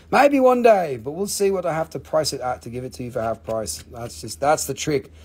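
A man's voice: medium pitch, animated, fairly quick, a little mellow, husky. A man hosting a live crystal sale stream, joking around and calling out buyers' names and prices. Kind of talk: live sales stream chat.

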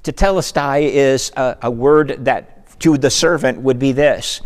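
A man's voice: medium pitch, a little slow, long reverb tail. A man preaching a sermon in earnest, repeating words and building to emphatic peaks. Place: church sanctuary.

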